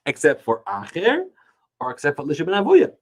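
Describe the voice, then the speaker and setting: Man, Torah teacher, Talmud class, slightly high voice, very lively intonation, emphatic, drawn-out stressed words. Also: slightly rough. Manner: animated, emphatic, stretches key words slowly.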